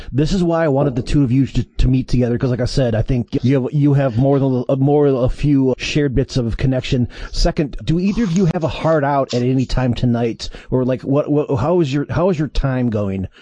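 A man hosting a casual podcast, speaking in halting, rambling phrases. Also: mid-range voice, mellow. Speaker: podcast host.

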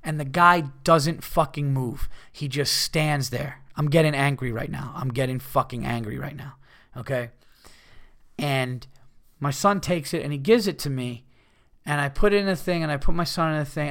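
Podcast host, thirties, male, mid-pitched voice; rambling, profanity-heavy storyteller with a short fuse. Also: steady tone, moderate pace, a bit bright. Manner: rambling, swears often, heated.

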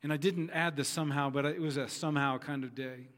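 An earnest male pastor preaches in a church hall, his slightly raised voice trailing off into a long reverb. He tells his story in measured, repeated phrases, leaning on each line for emphasis. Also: a little high, fairly even intonation, a bit bright. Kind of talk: sermon.

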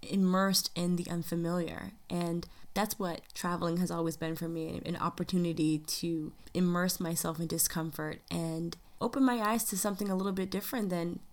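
A woman's voice: on the low side, fairly even intonation, moderate pace, few pauses. A woman from the United States hosting a podcast, talking in a chatty, upbeat way and calling her listeners "y'all". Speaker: podcast host. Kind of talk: casual podcast monologue.

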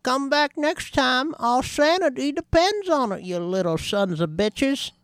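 A man's voice: extremely high pitch, expressive, unhurried, fairly bright tone, clear, resonant tone, no echo, voice pushed up, exaggerated voice. A man voicing a crude, taunting old grandma who cackles vulgar threats. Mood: leering.

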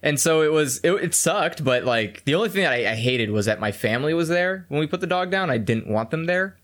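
This young man's voice is a little high, fairly bright and animated, and he talks a little fast. Co-hosting a casual podcast, he tells stories in a blunt, profane style and acts out people's words as he quotes them.

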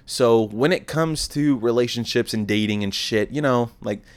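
A man in his twenties hosts a podcast, his mid-range voice clean in tone and moderately paced. He tells a rambling, profane, self-deprecating story about a night out in a casual monologue.

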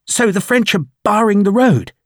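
A man's voice: high voice, expressive, normal speed, dry recording, studio quality, pitched above the performer's own voice. A man voicing an eager, anxious young male lieutenant in an audiobook, talking with fretful urgency. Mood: dismayed.

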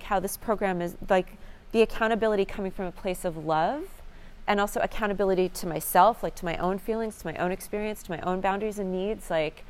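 A young woman tells her own recovery story in a plain mid-pitched voice. She sounds earnest and reflective. She often pauses on "like" while she gathers her thoughts. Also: darkish tone, clear, resonant tone. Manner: earnest, reflective, frequent "like" fillers. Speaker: recovery program member sharing. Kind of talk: personal sharing.

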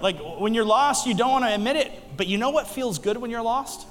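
A man's voice: very high voice, fairly quick, hardly any pauses. A middle-aged man preaching a sermon as a pastor, telling jokey stories and bantering with the congregation. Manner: animated, joking storytelling with the congregation. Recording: long hall reverb, faint music.

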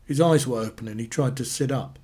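A man reading short stories aloud in a dry, deadpan way. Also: medium pitch, fairly quick, husky. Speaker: narrator.

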